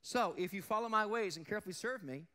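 High-voiced man preaching a sermon. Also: lively intonation, fast talker. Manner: earnest preaching, drops low and quiet for emphasis; asks the congregation questions. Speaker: pastor.

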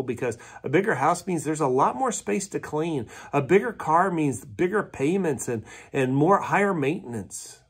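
A male pastor from preaching a sermon, retelling a parable with animated character voices, then dropping to hushed tones for tender lines. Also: medium pitch, breathy edge.

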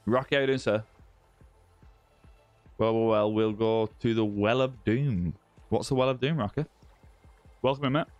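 A man's voice: lowish voice, moderate pace, pauses often, a little mellow, no room sound, dull audio, soft background music. A man hosting a live gaming stream, chatting casually with viewers and greeting them by name. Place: indoor room with ring light.

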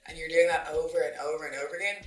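A woman's voice: low voice, flat delivery, rapid-fire. A young woman with an Irish accent, speaking earnestly and emphatically in a casual group discussion. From Ireland. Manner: earnest, emphatic, weary of the questions. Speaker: panel guest. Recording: distant roomy sound with faint music.

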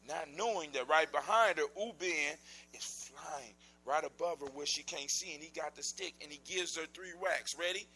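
A man telling a folk tale live to children in a lively, animated way, with sound effects and shouted outbursts. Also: on the high side, normal speed, noisy background. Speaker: storyteller. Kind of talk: live oral storytelling to children.

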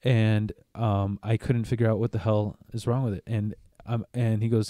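Give me a man telling a rambling joke, dark low tone, dry close mic. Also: level tone, normal speed, hardly any pauses, no echo. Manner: rambling, swears a lot. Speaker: podcast co-host. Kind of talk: casual chat, telling a joke.

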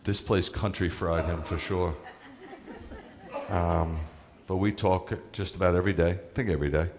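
A man's voice: low voice, fairly even intonation, normal speed, a little mellow, big-room sound. A man giving a sermon as a rabbi, talking conversationally and stressing his points to the congregation. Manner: conversational, emphatic preaching with asides to the congregation.

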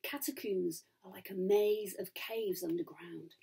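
A woman's voice: medium pitch, measured pace, vocal fry, hardly any pauses, mellow, slightly rough. A woman, a children's author, reading her picture book aloud and talking to young listeners about the pictures. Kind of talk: storybook read-aloud for children.

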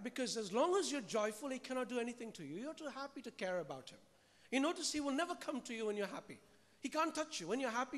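A high-pitched man preaching to a congregation in a church hall, his voice trailing off into a long echo. He keeps the sermon lively, joking and tossing questions at the room between passages of scripture. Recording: long reverb of a large hall.

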